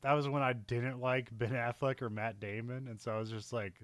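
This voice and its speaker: A man's voice: medium pitch, a little fast, no echo. Rambling, laughing male film podcaster. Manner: rambling, laughs often, animated when excited. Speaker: podcast co-host. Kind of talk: casual film podcast chat.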